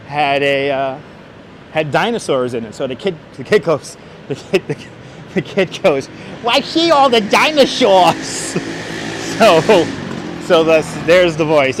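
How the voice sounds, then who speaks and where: Man, slightly high voice, chatty walking-tour streamer talking to viewers, outdoor street, faint traffic behind. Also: a little slow, long pauses. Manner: chatty, answers viewers by name, gives street history. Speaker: livestream host and city walking guide. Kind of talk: casual walking tour livestream. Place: outdoors on busy city streets. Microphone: wireless clip-on mic.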